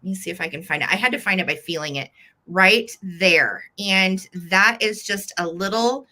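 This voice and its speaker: A woman's voice: medium pitch, normal speed, pushed and bright. A woman with an American accent hosting a live online auction, gushing over each piece and counting down bids. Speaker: live-sale host.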